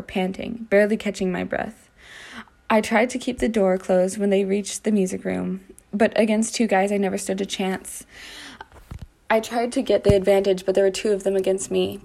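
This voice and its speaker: A woman's voice: medium pitch, fairly even intonation, a little fast, creaky, darkish tone. A woman reading aloud from a first-person story, with dramatic delivery and small slips and restarts. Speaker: reader of her own story.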